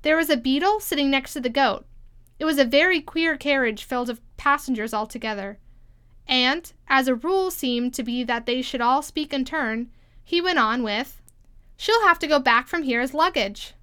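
Woman reading a kids' storybook aloud, gentle and measured, bright crisp voice. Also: high voice. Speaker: audiobook reader.

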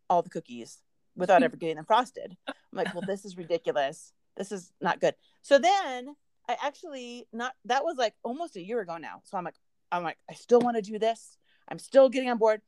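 Animated woman, lively rambling storyteller. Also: fairly high pitch, no echo, clean studio sound. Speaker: podcast co-host. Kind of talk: casual podcast chat.

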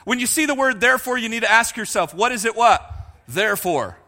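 A man's voice: extremely high pitch, a little fast, vocal fry, big-room sound. A man preaching a sermon, joking with his congregation and talking to them directly. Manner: jokey, animated, talks to the congregation. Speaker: pastor.

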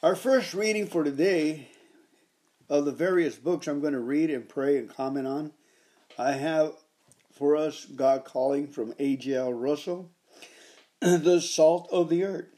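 A man's voice: on the high side, a little slow, mellow. A man hosting a devotional podcast, leading repeated prayers and reading aloud with fervent, repetitive exhortation.

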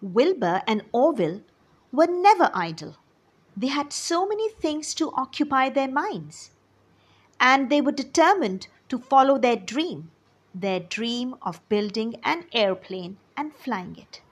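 A woman teaching children, telling a story slowly and explaining each new word as she goes. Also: high-pitched, sing-song, husky. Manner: slow and explanatory, defining words as she goes.

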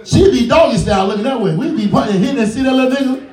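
A man works a live stand-up crowd in a music cafe, loud, profane and animated as he acts out the people in his stories. His voice sits high and swings widely in pitch. The sound is caught from a distance and rings around the room. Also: rapid-fire. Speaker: stand-up comedian. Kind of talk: stand-up comedy set. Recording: roomy, distant live club recording.

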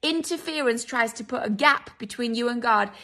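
High, bright-voiced woman preaching. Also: moderate pace. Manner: emphatic, dramatic quoted voices, direct address to listeners. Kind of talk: sermon.

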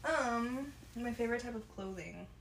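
A young woman with a fairly high voice chats casually as a podcast co-host. She giggles and puts herself down, letting her sentences trail off. There is a faint hiss behind her. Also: expressive, moderate pace, creaky. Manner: giggly, self-deprecating, trailing off. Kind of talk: casual chat.

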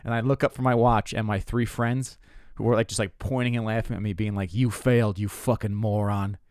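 A comedian and host in his twenties, with a medium-pitched, steady, smooth voice, talks fairly quickly in a casual comedic monologue. His storytelling is rambling, profane, and self-mocking, packed with restarts, and the recording is dry with clean studio sound.

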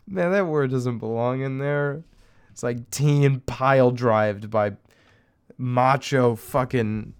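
Gravelly-voiced young man ranting crudely. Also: medium pitch, a little mellow. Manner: crude, rambling, chuckling. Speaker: podcaster. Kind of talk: casual solo comedic rant.

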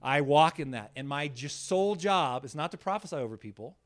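A man's voice: a little high, brisk. A man preaching an informal sermon in a small room, telling stories with laughter and frequent "right?" asides to his listeners. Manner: animated, laughing, frequent "right?" tag questions. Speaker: pastor. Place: small room in a church setting.

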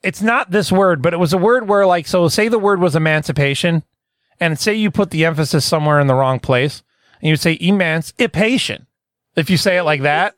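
A man's voice: a little high, a little fast, dry recording, studio quality. A man co-hosting a comedy podcast, telling stories in casual chat and laughing often. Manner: animated storyteller, laughs often. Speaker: podcast co-host.

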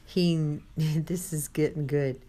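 Slow-paced woman preaching a testimony. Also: low-pitched, fairly even intonation, mellow. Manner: unhurried storytelling with quoted dialogue and asides. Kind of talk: testimony-style sermon.

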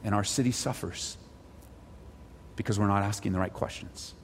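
A man, the pastor, preaching a sermon to his congregation in a conversational way, dropping low for asides and rising for exhortation. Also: fairly even intonation, moderate pace, long reverb tail, slight background noise. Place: church sanctuary.

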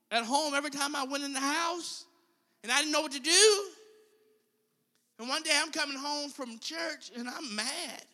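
High, bright-voiced man preaching. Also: big-room sound. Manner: impassioned, calls to the congregation. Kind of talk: sermon. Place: church.

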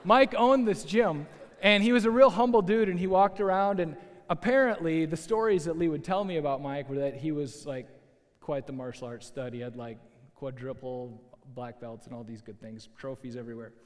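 A pastor delivers a sermon, telling a story in a lively, conversational style and tossing asides to his listeners. His voice sits on the high side at a moderate pace, with long hall reverb on the recording.

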